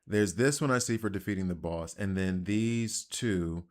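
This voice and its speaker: A man with a deep, low voice and a Southern accent talks his way through a video game. His commentary is loose and rambling, and he keeps laughing at his own odd tangents. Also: normal speed. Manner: rambling, self-deprecating, chatty. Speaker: gaming channel host. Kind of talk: casual gameplay commentary.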